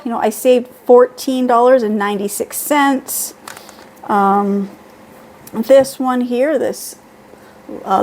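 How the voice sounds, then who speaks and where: A woman's voice: fairly high pitch, a little mellow. A middle-aged woman chatting casually at home through a beauty haul, reading prices and labels aloud. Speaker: beauty vlogger.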